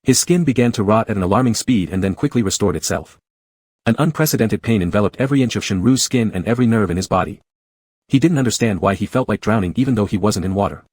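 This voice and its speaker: A man narrating a story in a steady, scripted reading style. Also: fairly low pitch, breathy edge, no echo. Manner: steady, fast-paced reading.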